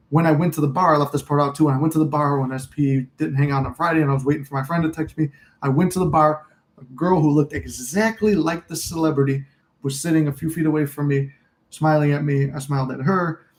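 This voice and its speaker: A man's voice: medium pitch, darkish tone, poor audio. A man hosting a casual livestream, talking candidly in a rambling way, cursing freely and reading out and answering viewer comments. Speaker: livestream host.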